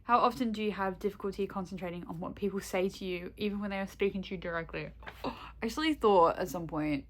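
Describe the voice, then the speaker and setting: A woman's voice: medium pitch, quick pace. A young woman vlogging in casual chat, candid and rambling, swearing freely and laughing often.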